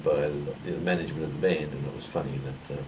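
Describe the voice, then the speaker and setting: Deep-voiced Australian man, rambling, distant mic. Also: steady tone, fast. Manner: rambling storyteller with many fillers. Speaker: co-host. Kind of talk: casual chat. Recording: distant mic with clear background noise.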